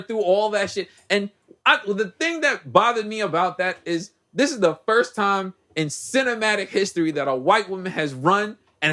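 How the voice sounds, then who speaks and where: A man's voice: high-pitched, fairly bright tone. A young man casually recapping a movie on a podcast, acting out the characters and laughing as he goes. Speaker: podcast host.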